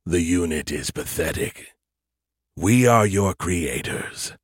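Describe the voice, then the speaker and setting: A man voicing cold, menacing alien beings who speak in a slow, low, ominous monotone. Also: breathy edge, no room sound, studio quality, heavily acted. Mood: contemptuous.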